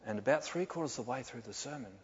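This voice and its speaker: An older man preaching a sermon as pastor, animated and full of rhetorical questions. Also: mid-range voice, rapid-fire. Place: church hall. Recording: dull sound with long hall reverb.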